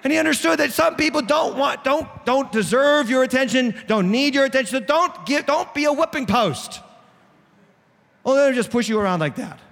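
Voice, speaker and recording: Animated high-pitched preacher in a big hall. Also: male voice, moderate pace, creaky. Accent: New England. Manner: animated, joking, direct. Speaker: pastor. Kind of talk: sermon. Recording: echoey hall.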